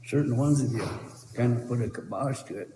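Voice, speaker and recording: A tribal council representative speaks briskly in a mid-range, dark-toned voice during a meeting debate. He pleads earnestly and goes over the same points again, and the echoey chamber carries faint noise.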